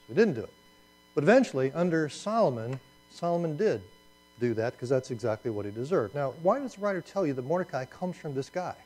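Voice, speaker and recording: A male Bible teacher talking through a story in a loose, conversational way. He keeps throwing rhetorical questions and quick asides at his class, and his voice sits fairly high for a man. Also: sing-song, darkish tone, breathy edge, low-quality recording.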